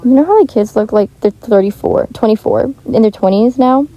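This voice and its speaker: With the highs cut off by her home microphone, this teenage gaming vlogger's slightly high voice comes across with a dark tone as she talks briskly. She chats and rambles, saying "like" constantly and often starting over.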